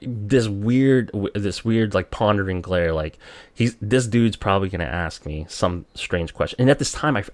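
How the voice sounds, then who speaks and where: A young man from the Philippines casually retelling a personal story, animated and acting out the dialogue. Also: low voice, no echo.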